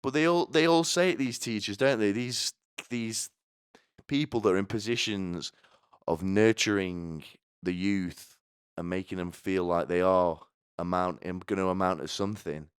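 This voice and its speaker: A man with a low, smooth, resonant voice delivers a sardonic comedic monologue. He rambles and restarts his sentences often. The sound is dry and close to the mic. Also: moderate pace, no echo. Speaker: podcast host.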